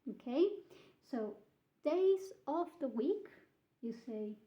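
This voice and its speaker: A woman teaching a beginner language lesson, slowly modelling pronunciation and repeating words for practice. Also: high voice, lively intonation. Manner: slow, carefully modelled pronunciation with drilled repetition. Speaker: Italian teacher. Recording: echoey, slightly dull room sound.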